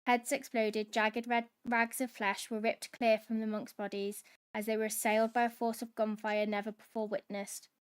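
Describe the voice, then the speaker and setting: A woman hosting a book club, reading a novel aloud in steady dramatic narration. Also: on the high side, moderate pace, few pauses, clean tone.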